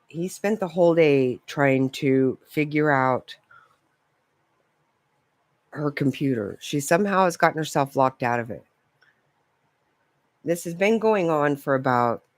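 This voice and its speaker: A woman's voice: very deep voice, no room sound. A woman vlogger talking in a casual, rambling monologue, swearing freely and often breaking into laughter.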